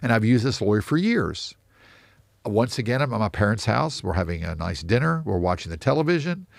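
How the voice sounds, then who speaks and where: A man with a low, gravelly voice tells stories as an interview guest, acting out what people said along the way. He comes from the United States. The sound is dry and close. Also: a little fast, no room sound. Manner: animated anecdotes with quoted dialogue. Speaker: real estate investor guest. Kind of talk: storytelling interview.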